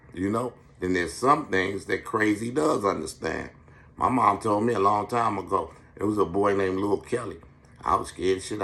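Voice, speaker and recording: A middle-aged man from Washington, D.C. with a lowish voice holds forth as a podcast host. He tells street-wise stories bluntly and profanely, in a preachy tone. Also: creaky, fairly bright tone. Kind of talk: street-wise monologue storytelling.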